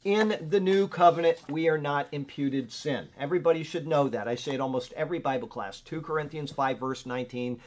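A man's voice: a little high, a little fast, hardly any pauses. An older man teaching a Bible class in an earnest, conversational way, often checking in with his listeners. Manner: conversational, earnest, frequent "okay?" check-ins.

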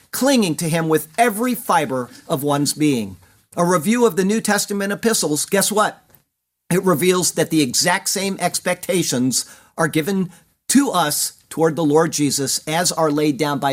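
A male preacher gives scripted Bible commentary in a high voice. He speaks in an earnest, measured way. He stresses key words as he goes.

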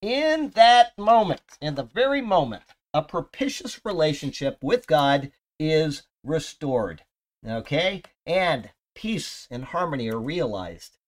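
A man's voice: a little high, very animated, measured pace. A man giving a loose, conversational Bible teaching, rambling with fillers and restarts. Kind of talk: casual Bible teaching talk.

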